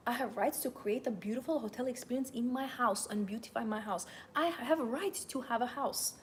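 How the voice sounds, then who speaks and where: A woman's voice: on the high side, normal speed, slight background noise. A woman coaching her viewers in a live talk, stating rights in emphatic, repetitive declarations and speaking straight to them. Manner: coaching, addresses viewers directly. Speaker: femininity and wealth coach. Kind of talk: motivational livestream talk.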